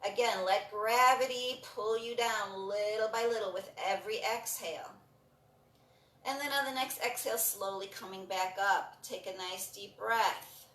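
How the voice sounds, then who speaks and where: A woman leading a breathing and stretching class, giving calm, encouraging cues and repeating them often. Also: mid-range voice, moderate pace, recorded from a distance. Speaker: breathing and movement instructor. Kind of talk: guided exercise instruction. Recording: roomy sound from off the mic.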